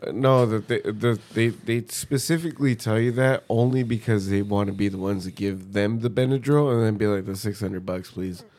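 A man co-hosting a dad podcast who explains things in halting, filler-heavy speech. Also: on the low side, darkish tone. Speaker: podcast co-host. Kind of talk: casual podcast banter.

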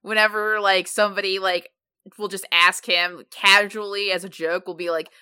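Bright-voiced woman, chatty with lots of "like". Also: mid-range voice, little pitch movement, smooth. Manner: chatty, leans heavily on "like", quick asides. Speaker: podcast co-host. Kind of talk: casual chat.

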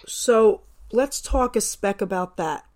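A woman's voice: medium pitch, lively intonation, takes it slowly, a little mellow. A woman from New Jersey hosting a radio show, interviewing a guest casually, enthusiastic and effusive, firing off several questions in a row.

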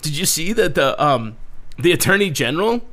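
Animated swearing man in casual banter. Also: a little high, moderate pace, slight background noise. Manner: animated, swearing, mocking quoted voices. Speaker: podcast co-host.

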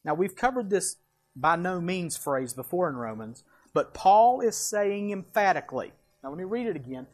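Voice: medium pitch, lively intonation, moderate pace. A preacher giving a verse-by-verse sermon with slides, emphatic, asking rhetorical questions and answering them, with folksy asides.

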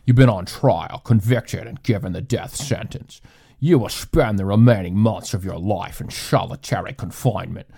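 Man doing a movie-star impression, audiobook narration, low gravelly voice, mellow and slow, dramatic. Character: man doing a Sean Connery-style narrator voice. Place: empty room.

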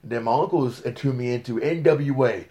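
A man, telling stories as an interview guest in a casual podcast chat, excitable and full of fillers. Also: mid-range voice, normal speed. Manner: excitable storyteller, lots of fillers.

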